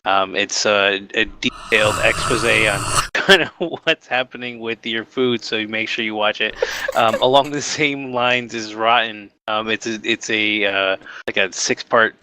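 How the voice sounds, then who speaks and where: A man's voice: fairly low pitch, fairly even intonation, measured pace, pushed and bright, slight background noise. A man co-hosting a gaming podcast, giving casual recommendations in a rambling way with many ums and uhs. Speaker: podcast co-host.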